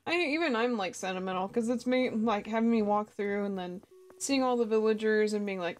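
In a fairly high, expressive voice and at a slightly quick pace, a woman streamer greets her chat and giggles often. She's chatting casually while playing a cozy life-sim game.

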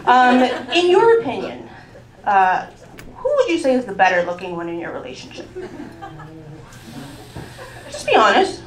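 Lively, high-voiced woman doing stand-up. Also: normal speed, pauses often. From Mexico. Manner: chatty, teasing crowd work. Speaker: stand-up comedian. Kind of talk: live stand-up comedy set. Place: comedy club stage before a live audience. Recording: echoey club with crowd laughter.

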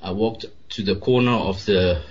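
A man's voice: low voice, normal speed. A man calling in to a radio show and earnestly telling his story. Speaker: caller. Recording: husky dull lo-fi line.

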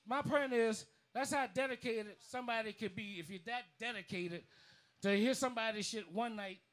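A man tells a long, profane story on a bar stage, circling back with many restarts. His voice sits very high for a man. He speaks into a handheld stage mic. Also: a bit bright. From New Orleans. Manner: profane, rambling, lots of restarts. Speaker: drummer and bandleader. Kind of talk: onstage storytelling speech. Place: live music bar stage.

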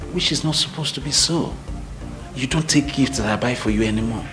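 A man's voice: mid-range voice, natural voice. A man with a Nigerian accent, playing a husband who reasons earnestly with his wife. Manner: earnest, pleading then exasperated. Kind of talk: Nollywood film acting.

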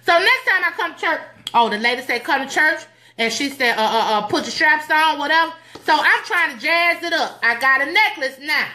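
A woman's voice: high voice, animated, fairly quick, sharp tone. A woman giving playful, sassy, preachy advice in a comedic skit, recorded indoors at home. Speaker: comedic church advice host.

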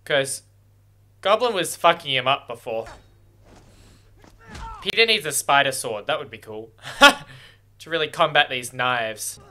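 A man hosting a first-watch reaction video, talking excitedly at the screen and swearing freely as he reacts. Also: medium pitch, a little slow, pauses often, a little hiss or hum.

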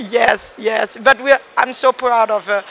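Hoarse, excited mother from Haiti. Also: on the high side, takes it slowly, slight background noise. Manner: effusive, laughs often. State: hoarse from screaming. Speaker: athlete's mother. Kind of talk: excited on-the-spot interview. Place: airport arrivals area.

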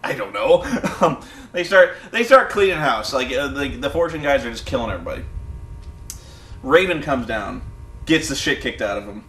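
A man chatting casually as a podcast host, animated and profane. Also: normal speed, echoey room. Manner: animated, profane, mimics people with loud high voices. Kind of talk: casual chat.

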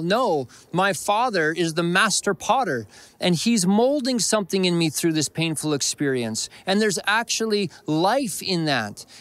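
A man's voice: high voice, fairly bright tone, no room sound. A man with a Canadian accent, a pastor preaching a sermon, telling a personal story earnestly and repeating phrases. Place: church.

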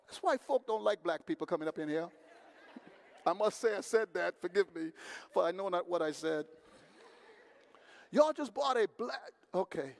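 A pastor preaching a sermon in a church, telling folksy stories and rising from quiet asides to loud, shouted peaks. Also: male voice, very high voice, lively intonation, normal speed. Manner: folksy storytelling with acted asides. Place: church sanctuary.

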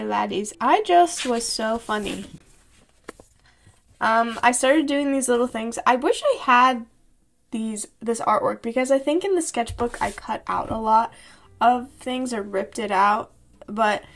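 A young woman casually looking back at her old artwork, laughing at herself and sometimes putting on little character voices. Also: a little high. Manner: self-mocking, laughing, playful character voices. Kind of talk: casual chat.

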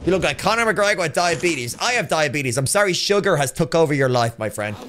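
A man's voice: on the high side, animated, fairly quick, over music. A man with an Irish accent, live-streaming a shooter game and joking and swearing as he reads chat aloud. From Ireland. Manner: loud, joking, swears freely, shouts at the game.

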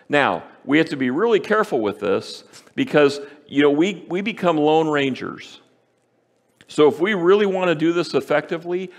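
A man preaching a sermon as pastor, emphatic, repeating key phrases and slowing down for stress. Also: mid-range voice. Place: church sanctuary. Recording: church hall with long reverb.

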